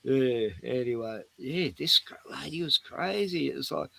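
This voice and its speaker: A man's voice: mid-range voice, expressive, measured pace, vocal fry, a bit bright, no room sound. A man hosting a livestream, telling crude, rambling stories and chuckling often. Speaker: livestream host. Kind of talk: casual chat.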